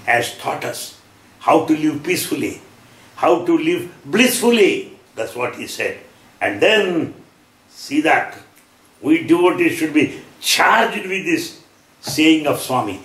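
A man's voice: on the high side, a bit bright. Emphatic Indian-accented man lecturing in an echoey hall. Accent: Indian English. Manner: emphatic, quoting scripture slowly and deliberately. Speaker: spiritual lecturer. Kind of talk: devotional talk to followers.

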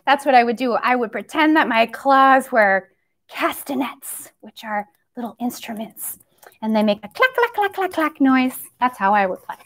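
A woman's voice: fairly high pitch, moderate pace, a bit bright. A young woman leading a toddler story time, playful and sing-song, with animal noises and sound effects.

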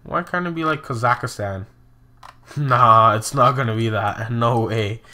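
Bright-voiced young man, chatty game commentary. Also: medium pitch, lively intonation, slow. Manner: chatty, self-mocking, exclaims often. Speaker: gaming video host. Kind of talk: casual gameplay commentary.

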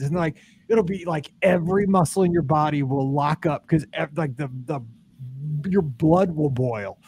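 A man hosting a podcast, telling a rambling, animated story in casual chat and laughing often. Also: fairly high pitch, moderate pace, slight background noise. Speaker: podcast host.

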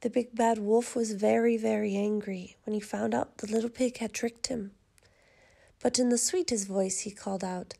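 A woman narrating a children's story in a measured, expressive way. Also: fairly high pitch, gravelly.

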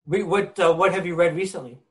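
A man hosting a podcast, relaxed and joking with his guest. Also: sits high, fast. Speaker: podcast host. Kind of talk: casual podcast interview.

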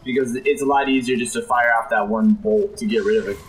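A young man playing a game and talking through it, jokey and excitable, his voice swinging up and down with every surprise. His pitch sits in a middle register, and a faint hiss runs under the recording. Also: brisk. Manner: excitable, jokey, often does silly voices for enemies. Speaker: gameplay commentator. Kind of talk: let's play commentary.

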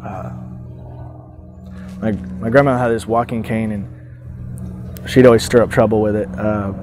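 A man speaking as an abuse survivor, giving a personal testimony in a halting, hesitant way with frequent pauses and restarts. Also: on the low side, fairly even intonation. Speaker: abuse survivor telling his story.

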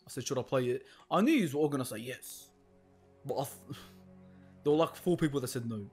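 A man's voice: medium pitch, brisk, a little mellow, soft background music. A young man commenting nervously on a horror game he plays alone at home, swearing and hesitating. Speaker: gaming video host.

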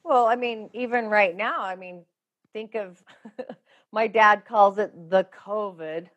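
A woman's voice: mid-range voice, slow, fairly bright tone, highs cut off. A woman, a holistic medium, talking loosely and frankly as an interview guest. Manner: chatty, emphatic, loose and frank. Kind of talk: casual interview talk.

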